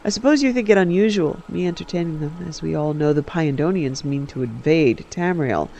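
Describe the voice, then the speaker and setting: A man's voice: fairly high pitch, lively intonation, a little fast, creaky, darkish tone, highs cut off. A man reading aloud and voicing an ambitious, scheming queen mother in a cool, cutting manner. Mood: cold, scheming.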